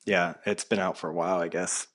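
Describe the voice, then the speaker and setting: A man's voice: low-pitched, fairly even intonation, brisk, fairly bright tone, slightly rough. A man co-hosting a casual game podcast, dismissive and unimpressed. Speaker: podcast co-host. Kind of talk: casual chat.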